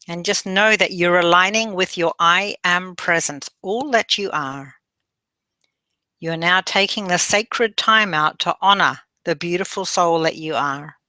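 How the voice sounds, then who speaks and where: A woman leading a guided meditation, giving gentle breathing instructions and having listeners repeat affirmations after her. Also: on the low side, measured pace, no echo.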